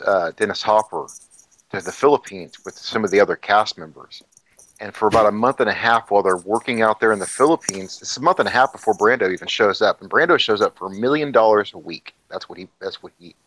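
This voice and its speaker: A man's voice: fairly low pitch, fairly bright tone, a little hiss or hum, rough recording. A man co-hosting a casual livestream podcast, telling a long anecdote full of fillers, restarts and swearing. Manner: rambling, profane anecdote-telling with many fillers. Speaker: podcast co-host. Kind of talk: casual storytelling chat.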